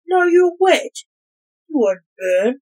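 A woman voicing a relentless male witch-hunter in a read-aloud story, slow and insistent. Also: a little high, animated, darkish tone, no room sound, pitched above the performer's own voice, low-quality recording. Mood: stern.

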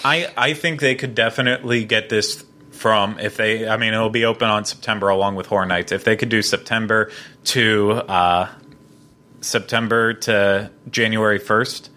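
A man's voice: lowish voice, steady tone, moderate pace, pushed and bright. A man hosting a casual podcast chat, talking enthusiastically and rambling through restarts. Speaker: podcast host.

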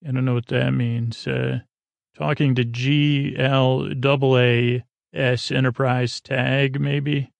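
A man's voice: medium pitch, little pitch movement, slow pace, creaky, no room sound. Man, podcast host, casual bedtime-story retelling, rambling and hesitant, dry close sound. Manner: rambling, loose, with many hesitations.

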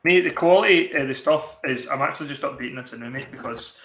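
A man's voice: medium pitch, fast, fairly bright tone. Chatty man in an echoey room. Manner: chatty, swears freely. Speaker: podcast host. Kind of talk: casual chat.

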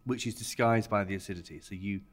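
A man's voice: on the low side, quick pace. A man hosting a casual chat, hesitant, often stammering and repeating words. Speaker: host.

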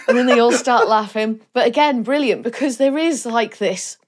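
A woman's voice: on the high side, moderate pace, few pauses. A Welsh woman co-hosting a podcast, chatting casually and eagerly about a film and telling stories. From Wales. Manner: chatty, enthusiastic storyteller. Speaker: podcast co-host. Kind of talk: casual film review chat.

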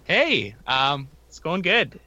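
Man, podcast co-host, bright voice, rambling, casual. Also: on the high side, very animated, slow pace, no room sound, highs cut off. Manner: rambling with fillers, acts out quotes. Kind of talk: casual hockey podcast chat.

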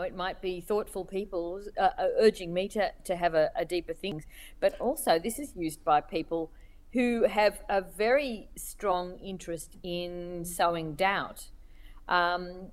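A woman talking about her work as a cartoonist in an interview, with a voice of middling pitch. She thinks aloud as she goes, full of restarts, "um"s and small pauses. She breaks into a laugh now and then when she tells a story. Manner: hesitant, many restarts and fillers, laughs while telling stories. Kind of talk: thoughtful interview conversation.

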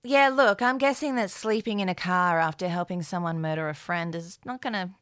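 A woman's voice: lowish voice, fairly quick, smooth, dry recording. A woman co-hosting a true crime podcast, reading narration and adding dry, sardonic asides. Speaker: podcast co-host.

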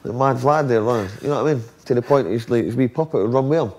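A Scottish man chatting as a guest. He tells loose, swear-filled anecdotes at a middling pitch, slipping into the voices of the people he quotes. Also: fast talker, a little mellow. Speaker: former footballer guest. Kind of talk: casual storytelling chat.

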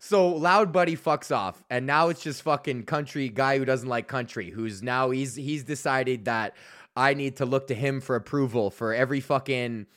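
A man's voice: mid-range voice, moderate pace, fairly bright tone. A young man hosting a podcast, ranting casually and angrily with constant swearing. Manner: profane, exasperated, heavy swearing. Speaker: podcast host.

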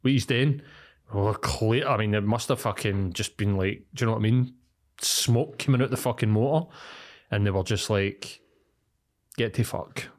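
A young man with a Glaswegian accent, co-hosting a podcast and telling animated, sweary stories in casual chat. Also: on the low side, normal speed. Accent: Scottish, Glaswegian. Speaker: podcast co-host.

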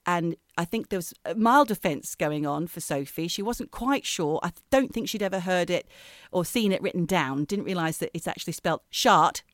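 A woman's voice: fairly low pitch, lively intonation, normal speed, dry recording, studio quality. A middle-aged woman co-hosting a podcast, chatting casually with a playful, teasing manner. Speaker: podcast co-host. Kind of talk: casual chat.

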